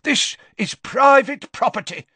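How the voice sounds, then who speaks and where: A man's voice: very high-pitched, lively intonation, unhurried, pushed and bright, husky, no room sound, voice pushed up, heavily acted. A man reading an audiobook, voicing a hostile, aggressive old man who sneers at a visitor in a storybook. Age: older. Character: hostile, aggressive elderly male hermit.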